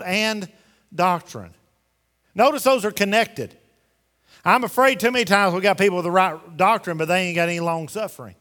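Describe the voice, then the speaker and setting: A man's voice: high-pitched, a bit bright. A man preaching a sermon in a church, folksy and emphatic, firing rhetorical questions at the congregation. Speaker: pastor. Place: church sanctuary. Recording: long hall reverb.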